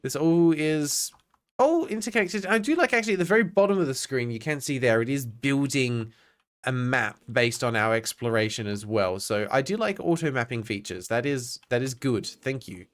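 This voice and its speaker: Australian male streamer, lively pitch and a casual, self-deprecating delivery. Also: moderate pace. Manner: reads game text aloud, chatty and self-mocking. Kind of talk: casual gameplay commentary.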